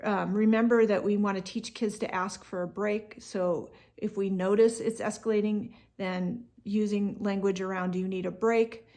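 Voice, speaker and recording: Woman coaching parents, relaxed and chatty, some vocal fry, middle pitch. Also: normal speed, hardly any pauses. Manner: relaxed, conversational, with many fillers and restarts; acts out what parents and kids say. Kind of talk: instructional talk to parents.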